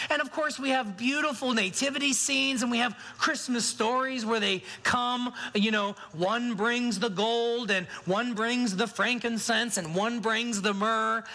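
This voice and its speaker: A male pastor delivers a Christmas sermon in a high, very bright voice. He talks in a loose, conversational way and often asks his listeners questions. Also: poor audio.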